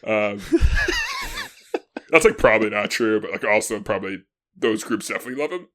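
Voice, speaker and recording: A male podcast co-host in casual history chat, animated, acting out historical figures in quick asides and laughing often. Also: fairly low pitch.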